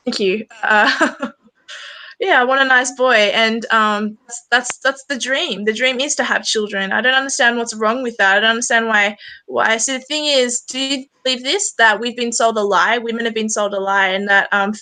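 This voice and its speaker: A young woman hosts a casual interview, rambling through her stories with plenty of fillers. Her voice sits fairly high and rings bright. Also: fairly even intonation, moderate pace, rough recording. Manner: chatty, rambling, lots of fillers and likes.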